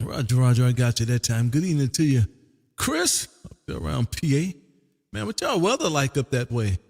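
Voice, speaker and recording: In a large hall, a man with a gravelly, sing-song, mid-range voice talks briskly. He's a ham radio operator and stream host in Texas, drawling through casual on-air chat, repeating his call sign and other phrases, and dropping "man" into nearly every line.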